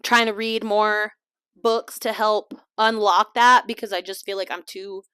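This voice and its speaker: A woman hosting a casual podcast, chatty and laughing often, slipping into quiet asides. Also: medium pitch, fairly even intonation, measured pace, smooth, dry recording, studio quality. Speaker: podcast host. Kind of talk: casual chat. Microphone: small desk mic.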